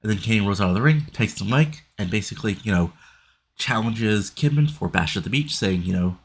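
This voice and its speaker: A man's voice: fairly low pitch, lively intonation, fairly quick, slightly rough. A stuffed-up man casually talking through his wrestling booking game, rambling with lots of fillers and restarts. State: stuffed up, congested. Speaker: host playing a wrestling booking sim.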